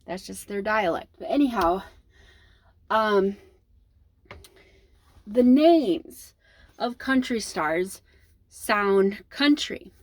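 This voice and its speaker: A young woman from the Midwest with a Midwestern accent, rambling casually to camera in a vlog, with lots of ums and trailing pauses. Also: mid-range voice, lively intonation, no echo. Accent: Midwestern American. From American Midwest. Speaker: vlogger.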